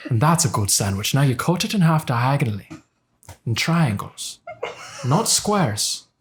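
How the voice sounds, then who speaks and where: A man putting on a calm, soothing cooking-video man. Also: medium pitch, a little hiss or hum. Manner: slow, unbothered, gentle delivery. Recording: echoey room.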